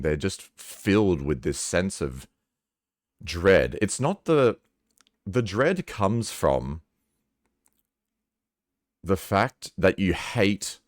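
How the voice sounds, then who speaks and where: A man's voice: low voice, no room sound, studio quality. A man talking earnestly and casually to camera about a personal topic, swearing now and then. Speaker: vlogger. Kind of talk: candid personal talk to camera.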